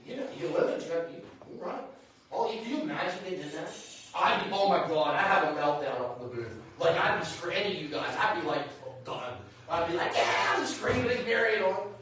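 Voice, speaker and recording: Rambling high-voiced man hosting, echoey hall. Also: lively intonation, fairly quick, a bit bright, distant mic, slight background noise. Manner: rambling, chatty, lots of "you know what I mean". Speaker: host. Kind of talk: live show banter with guests.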